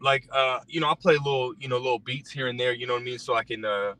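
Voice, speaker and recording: A rideshare driver with a medium-pitched, fairly even voice talks fast and sharply, ranting bluntly and profanely about scripture with lots of fillers and repetition. It's a casual religious rant recorded in a car on a distant mic, with faint car noise behind him.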